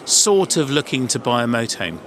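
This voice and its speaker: Male host, chatty interviewer, mid-pitched, busy show hall, light background noise. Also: big pitch swings, a little fast, a bit bright. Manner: chatty, laughs easily. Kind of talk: casual interview at a trade show.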